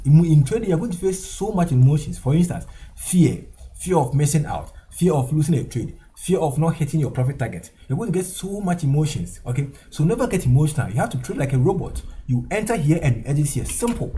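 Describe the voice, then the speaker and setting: A man's voice: medium pitch, mellow. A man teaching a trading lesson over a chart, repeating his points with emphasis and tagging lines with "okay?" and "guys". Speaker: forex trading instructor. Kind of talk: screen-share trading tutorial.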